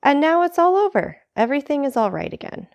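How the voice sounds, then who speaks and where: A woman voicing a frail, modest old father who speaks softly and gently, in an audiobook reading with a gravelly tone. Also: high voice, very animated, fast, dull audio, voice pushed up, full character voice. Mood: gentle. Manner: soft, gentle, self-effacing.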